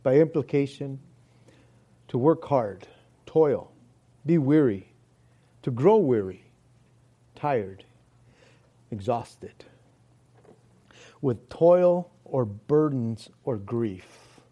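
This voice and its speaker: A man preaching a sermon, slow and earnest, often dropping to soft, hushed words. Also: medium pitch, animated, highs cut off. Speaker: pastor. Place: church hall.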